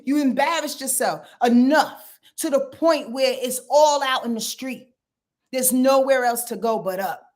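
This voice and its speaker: A middle-aged woman talking casually to her livestream viewers as their astrologer. Her voice sits a little high for a woman. She is blunt and animated, swearing freely and telling stories in a loose, chatty flow. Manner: blunt, animated storytelling with profanity and laughs. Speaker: astrologer and tarot reader.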